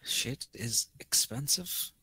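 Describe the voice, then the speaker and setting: A man's voice: medium pitch, animated, slow, bright, forceful tone, breathy edge, dry recording. A man co-hosting a podcast, chatting casually and dropping wry quips. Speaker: podcast co-host. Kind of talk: casual chat.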